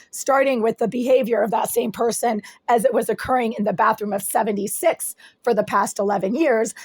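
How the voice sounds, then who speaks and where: A home vlogger speaks into a handheld phone while moving around her small apartment's kitchen, hallway, and bathroom, which makes her distance from it shift. Her self-made monologue runs on in long, intense, insistent sentences. The voice is husky and smoky yet a little high and a little mellow.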